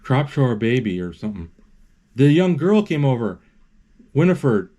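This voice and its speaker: Man haltingly narrating a movie live. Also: medium pitch. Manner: halting, self-correcting, excited exclamations.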